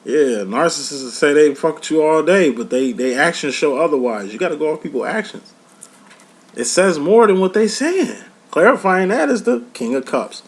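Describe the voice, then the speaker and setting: A man's voice: fairly high pitch, expressive, moderate pace. A man giving a casual tarot reading to his viewers, talking in a blunt, profane, preachy tough-love way. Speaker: tarot reader and life coach.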